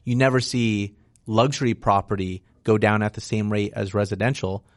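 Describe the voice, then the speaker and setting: A man's voice: fairly low pitch, steady tone, moderate pace, dry recording, clean studio sound. A man speaking as a real estate investor guest in a casual interview, frank and explanatory, often tagging "right?" onto his points.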